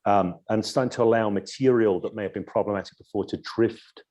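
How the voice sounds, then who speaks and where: A man, a hypnosis coach, talking in a relaxed, reflective way in a podcast interview and explaining his methods with examples. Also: lowish voice, fairly quick, muffled recording. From Edinburgh, Scotland. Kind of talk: casual interview conversation.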